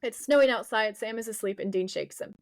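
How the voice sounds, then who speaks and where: A woman's voice: a little high, brisk. A woman co-hosting a podcast, chatting casually and gushing as she retells a TV episode. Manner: gushing, retells scenes with acted quotes. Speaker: podcast co-host. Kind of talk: casual chat recapping a TV episode.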